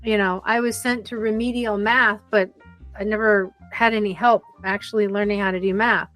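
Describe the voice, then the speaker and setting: A woman in her fifties, a podcast guest telling stories in an animated, conversational way. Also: medium pitch, normal speed, soft background music. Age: 50s. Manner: animated storyteller who acts out the voices in her anecdotes. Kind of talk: conversational storytelling interview.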